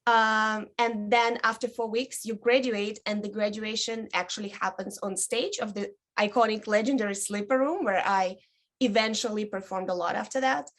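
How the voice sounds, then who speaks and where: A woman in her thirties, a burlesque dancer chatting as a guest, telling stories with many ums and likes and lively quoted voices. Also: medium pitch, normal speed. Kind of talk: casual interview chat.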